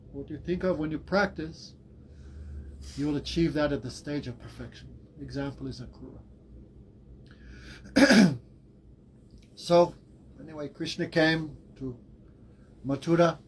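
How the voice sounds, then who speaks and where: A man giving a devotional class as a spiritual teacher, telling the story in a lively way. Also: on the high side, slight background noise, rough recording. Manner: animated storytelling with laughs and acted quotes.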